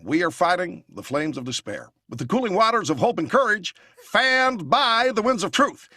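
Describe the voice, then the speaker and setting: A man's voice: sits high, big pitch swings, sharp tone, no room sound, clean studio sound, heavily acted. A man doing a lofty American orator president. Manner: slow, lofty speechmaking cadence. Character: measured older male American orator president.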